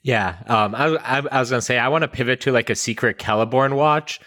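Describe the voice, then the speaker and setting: Male co-host, mid-pitched, bright tone, hesitant and wry, casual podcast read. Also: fairly quick. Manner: hesitant, filler-heavy, wry. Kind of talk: casual recap chat.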